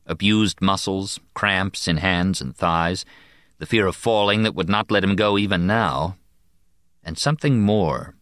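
A man reading a science fiction novel aloud as scripted narration, measured and slowing down for emphasis. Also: sits low, a bit bright, dry recording, studio quality. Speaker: audiobook narrator.

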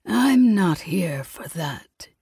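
A woman voicing a gaunt, eerie male stranger in a slow, raspy whisper. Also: sits low, a little mellow, no room sound, clean studio sound, exaggerated voice. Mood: soothing.

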